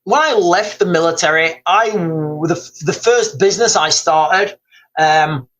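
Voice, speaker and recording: Man, higher pitched voice, casual livestream chat, rambling, reads viewer comments aloud. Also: slow, a bit bright, rough recording. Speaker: livestream host. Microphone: streaming mic.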